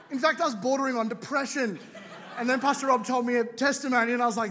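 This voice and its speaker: A man preaching a sermon, telling jokey stories with quick asides to a church auditorium. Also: very high-pitched, bright, forceful tone. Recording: large hall with long reverb.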